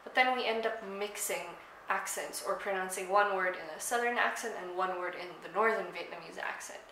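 A young woman from South Africa, Afrikaans her first language, talks casually to camera about languages and fills her speech with ums and likes. Her voice is bright and clear. The room is echoey, with a faint hum of ambience behind her. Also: mid-range voice, brisk. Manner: chatty, with frequent ums and likes. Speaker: language vlogger. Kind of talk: casual explanatory talk to camera.

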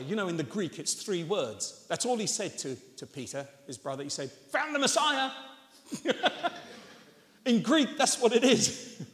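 His voice sits high with a fairly bright tone: a sixty-something Englishman giving a sermon in a church hall, chuckling through self-deprecating stories. The recording carries the hall's long reverb.

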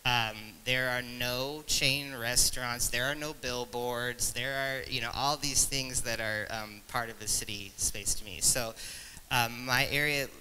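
A man in his forties talks on a conference panel in a reflective, halting way, often pausing to search for words. His voice is very bright and forward. A faint hiss of noise sits under the recording. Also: medium pitch, fairly even intonation, low-quality recording. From Nebraska. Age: 40s. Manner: reflective, halting, many fillers and restarts.

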